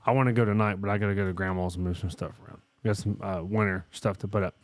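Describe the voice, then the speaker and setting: A man's voice: lowish voice, steady tone, very fast, dry recording. A man hosting a casual podcast, telling stories with lots of swearing and laughter. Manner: profane, storytelling, laughs often. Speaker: podcast host.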